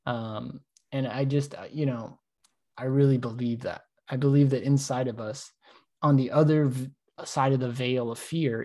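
A man co-hosting a casual podcast, telling animated stories, acting out his own thoughts and swearing often. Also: mid-range voice. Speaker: podcast co-host.

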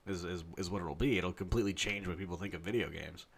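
A man's voice: deep voice, fast, creaky. A man co-hosting a casual gaming podcast, joking and swearing through the banter. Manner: swears a lot, jokey banter. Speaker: podcast co-host. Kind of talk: casual chat.

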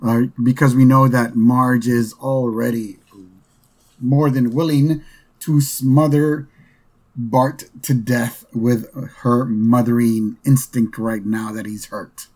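A man's voice: medium pitch, flat delivery, takes it slowly, darkish tone. A man hosting a podcast, casually recapping a cartoon episode in a rambling way, with lots of fillers and "right?" asides. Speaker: podcast host.

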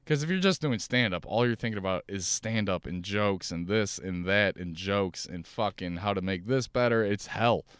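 A young man hosting his own podcast, rambling through profane, animated stories while sitting in his car. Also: lowish voice, normal speed, hardly any pauses, smooth, dry recording. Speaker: podcast host and stand-up comic. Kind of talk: casual solo podcast monologue. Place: inside a car.

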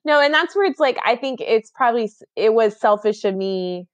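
A woman in her thirties co-hosts a podcast, her voice a little high and dry with no room sound. She talks in a loose, reflective way and laughs often. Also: expressive, brisk, no echo, muffled recording. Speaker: podcast co-host. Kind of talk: casual chat.

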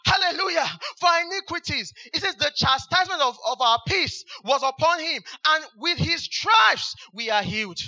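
A high, very bright male preacher, exclaiming hallelujah over and over between verses. His voice is sharp and piercing, and the recording is dull and lo-fi. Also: animated, normal speed, hardly any pauses. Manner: exclamatory, repeats hallelujah, fervent. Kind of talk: sermon.

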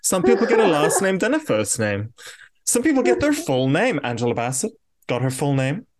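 Podcast co-host: man, campy and animated, acts out quotes. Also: fairly high pitch, normal speed. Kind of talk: casual chat.

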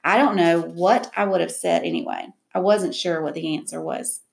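Audiobook narrator, woman, reflective first-person reading, gravelly tone. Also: fairly low pitch, moderate pace, background noise.

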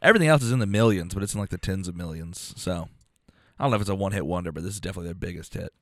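A man's voice: sits low, very fast, fairly bright tone, no echo, studio quality. A man co-hosting a podcast in casual chat, jokey and laughing often. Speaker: podcast co-host.

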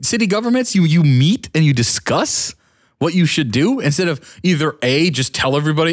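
A man's voice: a little high, animated, moderate pace. A man in casual conversation who rambles and gets worked up, often restarting his sentences. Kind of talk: casual chat.

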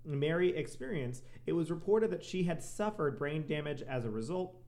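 A man's voice: fairly high pitch, animated, normal speed, a little mellow. A man co-hosting a podcast, reading out a true crime story with joking asides and frequent laughs. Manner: laughs often, joking asides between read facts. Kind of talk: casual podcast chat, reading case notes.

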